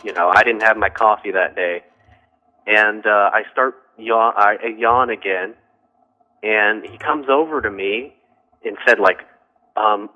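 A tired man calling in to a talk show, telling a story in a halting, hesitant way with many restarts. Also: lowish voice, sharp tone. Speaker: caller. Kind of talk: call-in radio chat. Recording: tinny phone line.

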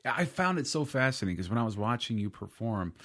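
A man's voice: mid-range voice, very animated, quick pace, fairly bright tone. A man hosting a comedy podcast interview, asking long, rambling questions full of restarts and fillers. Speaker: podcast host. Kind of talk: casual interview chat.

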